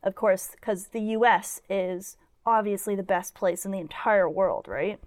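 A woman's voice: medium pitch, moderate pace, dry recording. A young woman co-hosting a podcast, retelling a film in a rambling casual chat full of "like" fillers. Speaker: podcast co-host.

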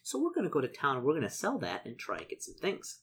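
A man playing a solo tabletop adventure, reading out the rules and shop lists and doing his sums aloud, easily excited. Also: medium pitch, fast, breathy edge. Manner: excitable, muttering calculations. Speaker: solo tabletop game player. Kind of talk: casual narration of a solo gamebook.

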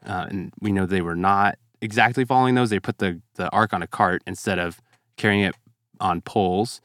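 A man calmly explaining a Bible passage on a podcast, measured and thoughtful, with small fillers. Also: low-pitched, dry recording, studio quality. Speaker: podcast guest. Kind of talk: Bible discussion.

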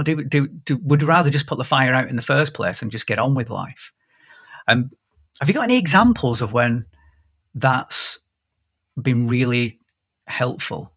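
A man's voice: medium pitch, moderate pace, husky. A man in his fifties, hosting a podcast in casual conversation and telling stories with lots of restarts. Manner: animated storyteller with frequent restarts. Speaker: podcast host.

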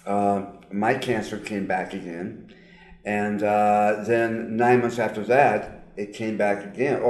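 Brief: older man with lowish voice and slightly altered diction from surgery, earnest testimony, roomy echo. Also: darkish tone. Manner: earnest, emphatic, with frequent pauses and fillers. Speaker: guest, psychologist. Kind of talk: personal testimony in an interview.

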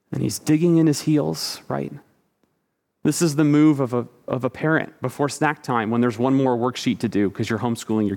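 A man's voice: medium pitch, gravelly, darkish tone. A man preaching a sermon, retelling the story vividly and acting out the quoted lines. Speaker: pastor. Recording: echoey hall.

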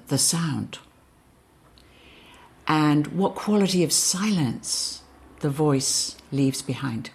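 A woman voice teacher giving a slow, deliberate, reflective workshop talk. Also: sits low.

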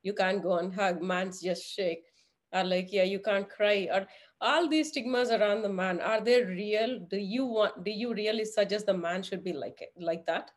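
A woman's voice: mid-range voice, moderate pace. Earnest woman asking probing questions. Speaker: podcast host.

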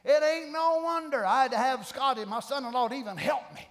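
A middle-aged man preaching a sermon, shouting fervent declarations between folksy asides. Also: very high-pitched, a little fast. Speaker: pastor. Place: church sanctuary. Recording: long church hall reverb.

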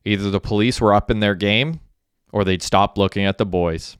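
A man narrating an audiobook in a steady, even reading. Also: lowish voice, moderate pace, clear, resonant tone, dry recording, studio quality. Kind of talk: scripted narration.

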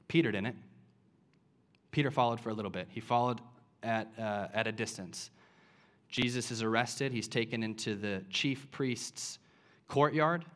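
A man's voice: mid-range voice, a little slow, long pauses, a bit bright. A man delivers a sermon in a mid-range voice, retelling a scripture passage like a story. He builds steadily toward impassioned, emphatic peaks. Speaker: preacher.

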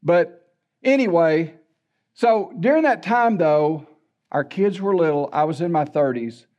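A man's voice: a little high, lively intonation, a little slow, a little mellow, muffled recording. An older man, a pastor preaching a sermon in a folksy, candid storytelling way.

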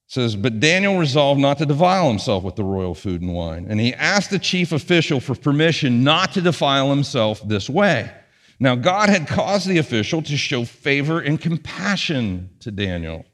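A pastor delivers his sermon with lively, punchy emphasis, then drops into quiet asides. He has a middle-pitched man's voice. The sound rings with the long reverb of a church sanctuary. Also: normal speed.

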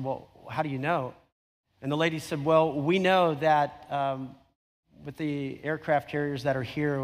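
A middle-aged man preaching a sermon, telling a story in a conversational way with emphatic repetition. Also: a little high. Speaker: pastor. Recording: long hall reverb.

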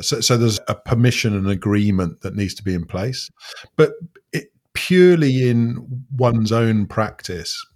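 A man working as a coach, explaining his ideas in a thoughtful conversational way, often restarting his sentences. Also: on the low side. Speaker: guest coach.

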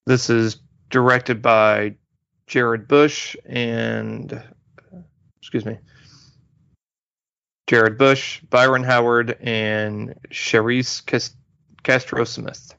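A man's voice: medium pitch, drawn-out words, gravelly, pauses often, smooth, dry recording. A man hosting a podcast, chatting casually through a movie review with many fillers and restarts. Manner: relaxed, rambling, lots of fillers and restarts. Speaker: podcast host. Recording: dull lo-fi dry recording.

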